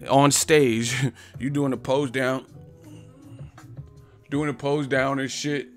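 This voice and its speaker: A man's voice: medium pitch, little pitch movement, slow pace. Dude ranting on his boxing stream, cussing, laughing at his own jokes, bit of music in the back. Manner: loud, profane, mocking, laughs often. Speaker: boxing live-stream host. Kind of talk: casual live-stream rant reading chat.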